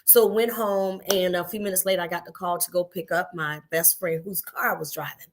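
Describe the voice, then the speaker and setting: A woman's voice: lowish voice, steady tone, brisk, background noise. Woman, middle-aged, minister, earnest, devotional teaching, repetitive emphasis, personal storytelling. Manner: earnest, repeats phrases for emphasis; tells personal stories to the listener. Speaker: minister giving a midday devotional.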